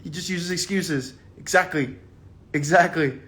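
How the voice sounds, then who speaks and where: A man with a slightly raised pitch hosts a live online book club. He talks casually and with animated indignation, reading out viewer comments and reacting to them with slang and the odd curse. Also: a little slow.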